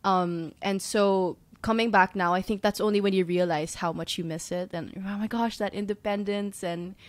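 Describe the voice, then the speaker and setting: A woman's voice: mid-range voice, steady tone, moderate pace, no room sound. Chatty young Filipino woman, dry sound. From Philippines. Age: young adult. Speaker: podcast guest. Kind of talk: casual chat.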